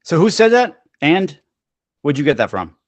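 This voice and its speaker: A man's voice: a little high, very animated, normal speed, no room sound, highs cut off. Podcast host man, dry close sound. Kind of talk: casual conversational podcast talk.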